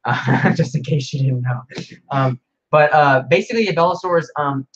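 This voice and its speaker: A man hosting a casual livestream Q&A, rambling excitedly as he reads viewer comments aloud. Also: on the high side, moderate pace, breathy edge, highs cut off. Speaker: livestream host.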